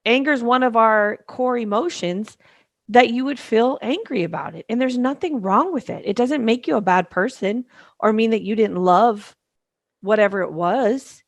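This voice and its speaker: A woman's voice: on the high side, normal speed, no echo. A middle-aged woman co-hosting a podcast, speaking emphatically in casual conversation and repeating words for stress. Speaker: podcast co-host, grief specialist.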